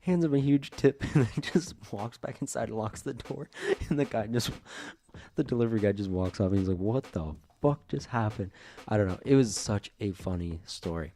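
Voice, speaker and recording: A man's voice: on the low side, fairly even intonation, a little fast, dark tone, slight background noise. A young man co-hosting a podcast in a casual, rambling storytelling style, full of fillers. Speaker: podcast co-host. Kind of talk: casual chat.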